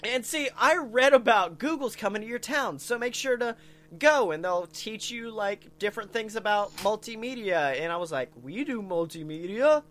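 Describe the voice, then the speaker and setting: A man, co-hosting a podcast and telling funny stories in an animated, swearing, laughing way. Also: sits high, normal speed. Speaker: podcast co-host. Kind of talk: casual comedic storytelling.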